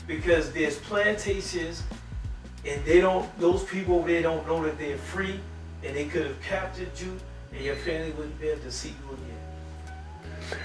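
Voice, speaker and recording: A man's voice: a little high, moderate pace, recorded from a distance. A man explaining things firmly in a casual podcast chat. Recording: roomy, off-mic with music.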